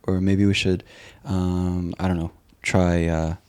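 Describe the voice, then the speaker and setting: A man being interviewed as a guest, talking in a relaxed, laid-back way with frequent ums. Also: sits low, slow pace, smooth. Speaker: restaurant co-founder guest. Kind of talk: casual interview chat.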